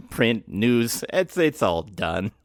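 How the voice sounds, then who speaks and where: A man co-hosting a podcast, chatting casually with lively trivia asides. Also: fairly low pitch, very slow, no echo, clean studio sound. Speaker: podcast co-host. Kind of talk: casual chat.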